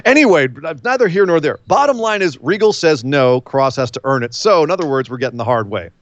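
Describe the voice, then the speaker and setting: Animated man recapping wrestling. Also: on the high side, brisk, dry recording, dull audio. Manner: animated storyteller, mimics wrestlers' voices. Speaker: podcast co-host. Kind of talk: casual wrestling recap chat.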